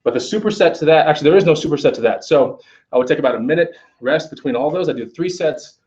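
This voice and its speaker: A man's voice: on the high side, animated, quick pace, a little mellow. A man demonstrating a workout in a gym in a casual, conversational way, often checking in with "okay?". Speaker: fitness instructor. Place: gym, indoors. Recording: echoey gym from far off, dull.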